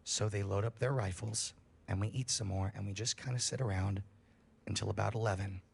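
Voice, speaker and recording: A man's voice: fairly low pitch, fairly even intonation, fairly quick, creaky, husky. A man on a livestream telling a scary story in a casual, profane way, building suspense. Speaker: streamer.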